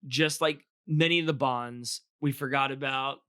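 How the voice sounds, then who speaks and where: Bright-voiced man recapping a movie. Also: medium pitch, steady tone, measured pace, smooth. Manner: loose, rambling recaps with lots of fillers. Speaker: podcast co-host. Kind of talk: casual movie review chat.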